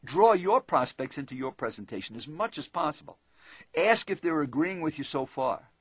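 Male sales trainer, chatty seminar storytelling, lively, slightly husky. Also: a little high, moderate pace, dry recording. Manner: conversational, addresses listener directly, asks tag questions.

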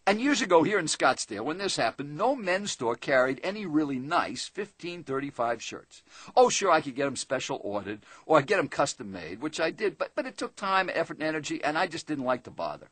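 A sales trainer telling a seminar story in a chatty manner, talking straight to the listener. His slightly high voice is a little husky and moves through a lively range. The sound is dry and close. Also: fairly quick, no echo. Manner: conversational, addresses listener directly, asks tag questions.

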